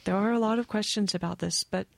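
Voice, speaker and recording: A woman's voice: mid-range voice, fast talker, vocal fry, no echo. Wry American woman author, dry sound. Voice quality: flat voice. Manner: thoughtful, wry, given to digressions. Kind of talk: reading her own essay, then conversation.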